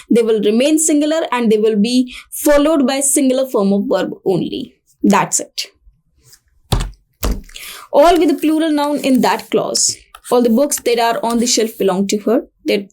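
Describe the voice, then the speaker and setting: A woman teacher with an Indian English accent walks through grammar rules for exam students, her voice pitched a little high. She explains patiently and says each point more than once in new words. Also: a little mellow. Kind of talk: grammar lesson for exam prep.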